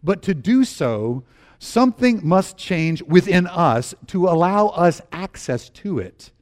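A middle-aged man preaching a sermon, telling personal stories with animated, acted-out moments and quiet earnest turns. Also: slow. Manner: animated storyteller, acts out scenes with sudden high exclamations. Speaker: pastor.

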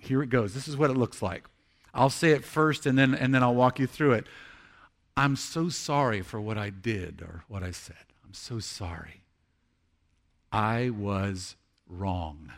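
A middle-aged man preaching a sermon as pastor, earnest, rising to emphatic peaks and dropping to hushed, slow confessions. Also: a little high.

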